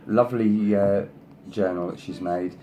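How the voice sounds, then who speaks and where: An adult man, whose sister is past thirty, hosts a craft video and rambles casually through design samples, praising each at length with plenty of "you know"s. His intonation is fairly even and his pace a little slow, on a lo-fi recording with slight background noise. He coaxes his pet in a higher voice.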